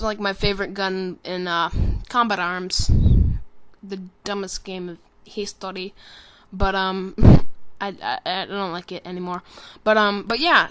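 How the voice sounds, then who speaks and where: A woman's voice: mid-range voice, fairly bright tone, smooth. A tired woman giving casual, rambling commentary over a game trailer, full of ums and self-corrections. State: tired, sleepy. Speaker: gaming commentator.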